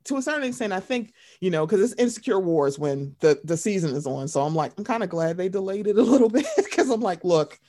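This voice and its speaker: A woman's voice: medium pitch, expressive, fast talker, hardly any pauses, mellow. A woman in casual chat who tells stories with speech patterns and acts out quotes between bursts of laughter.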